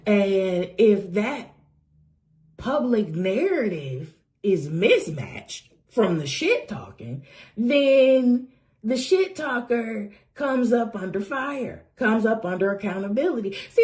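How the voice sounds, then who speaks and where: A woman's voice: on the high side, a little mellow. A woman giving a casual tarot reading, talking bluntly and sassily with profane, preachy asides. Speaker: tarot reader.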